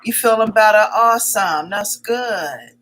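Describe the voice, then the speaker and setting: A woman hosting a casual livestream, chatting and greeting viewers one by one, repeating her welcomes in quick strings. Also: mid-range voice, fairly bright tone, rough recording. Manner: greets viewers by name as their comments arrive. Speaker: livestream host. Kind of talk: casual live-stream chat.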